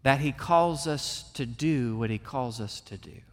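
A man with a medium-pitched voice speaks a little slowly, preaching a sermon to his congregation as their pastor. He is earnest and builds toward emphatic peaks. The church sanctuary gives the recording the long reverb of a large hall.

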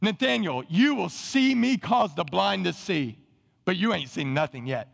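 A man voicing Jesus as a gently teasing teacher in a folksy paraphrase, during a sermon. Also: high voice, animated, measured pace, gravelly, long reverb tail, heavily acted. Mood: building.

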